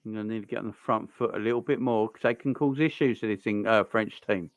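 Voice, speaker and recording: A man's voice: lowish voice, fast talker, dry recording. A man hosting a live football watchalong stream, chatting casually and rambling between reactions to the play and greetings to viewers.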